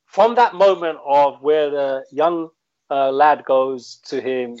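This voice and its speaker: A man's voice: medium pitch, unhurried, darkish tone, no room sound. A man co-hosting a casual live-stream chat, rambling with many hesitant fillers. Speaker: co-host. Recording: dull, muffled audio.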